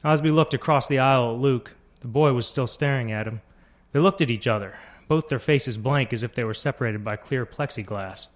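A man narrating literary fiction in a steady, measured reading voice. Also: medium pitch.

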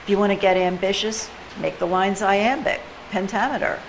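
A woman leading a poetry workshop, chatting casually with quick asides while recorded in a classroom. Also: medium pitch, fairly even intonation, rough recording. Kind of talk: casual teaching talk. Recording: room ambience and background noise.

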